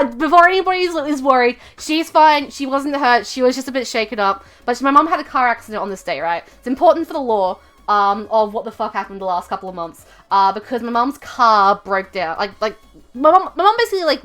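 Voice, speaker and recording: A young woman livestreaming from home, telling a rambling story full of fillers and self-corrections in a chatty, expressive way. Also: fairly high pitch, a little fast. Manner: chatty and expressive, laughing at her own story. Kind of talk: casual livestream chat.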